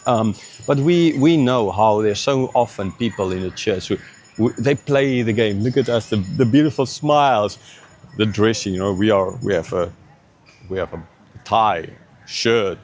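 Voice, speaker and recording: A man's voice: fairly low pitch, a little slow, a little mellow, soft background music. A man giving an earnest, conversational Bible teaching, often checking in with "right?" and "okay". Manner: earnest, conversational, drops into mocking imitations. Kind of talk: informal Bible teaching to camera.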